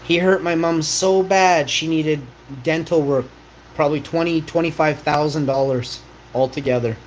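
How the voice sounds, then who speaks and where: A man in his forties, hosting a vlog, rants in a confrontational and profane way, peppering it with rhetorical questions. His voice is on the high side with fairly even intonation at normal speed, recorded with roomy echo and faint noise.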